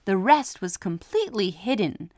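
A woman reading a children's story aloud, giving each character an expressive voice. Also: medium pitch, moderate pace, dry recording, studio quality.

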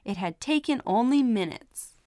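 A woman reading a children's story aloud, giving each character an expressive voice. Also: a little high, moderate pace, no echo, studio quality.

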